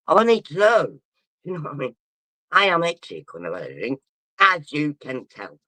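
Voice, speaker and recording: A man's voice: a little high, very animated, normal speed, bright, forceful tone, no echo. A drunk man rambling and swearing as he chats on a livestream and reads out comments. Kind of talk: casual livestream chat, reading comments.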